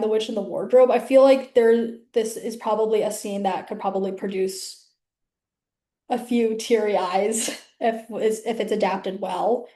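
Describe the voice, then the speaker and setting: Woman, video host, casual rambling chat, fillers and restarts, slightly high voice, roomy echo. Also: mellow. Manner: chatty, many fillers and restarts. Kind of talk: casual rambling talk to camera. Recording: echoey room.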